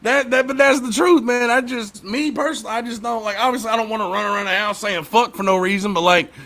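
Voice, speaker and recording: A man's voice: high-pitched, fast, sharp tone. A man co-hosting a casual talk show, telling loose, laughing stories about his kids, full of cursing. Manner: loose, laughing, profane storytelling. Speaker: podcast co-host. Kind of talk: casual chat.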